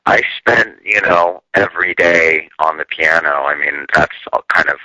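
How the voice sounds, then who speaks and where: A man's voice: very deep voice, fairly even intonation, moderate pace, bright, forceful tone, no echo, low-quality recording. A man from Los Angeles, a singer-songwriter guest on a radio show, easygoing and modest. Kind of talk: casual radio interview.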